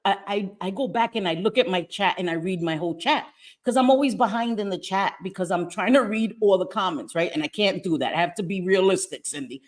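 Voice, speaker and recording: A woman hosting a livestream in casual chat, brash, profane and animated. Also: medium pitch, a little fast. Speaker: livestream host. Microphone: streaming mic.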